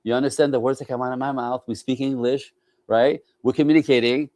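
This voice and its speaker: Male coach guest, mid pitch, emphatic, keeps asking "right?", close dry mic. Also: steady tone, quick pace, a little mellow, dry recording. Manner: emphatic, repeats "right?", slips into mimicking voices. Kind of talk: animated interview talk.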